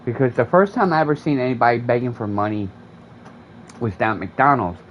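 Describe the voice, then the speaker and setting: A man, a gaming streamer, rambles through a profane story in loose, animated chat. His voice sits mid-range for a man. A dull, lo-fi mic carries it over a faint hum of air conditioning. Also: mid-range voice, brisk. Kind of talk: casual storytelling while playing.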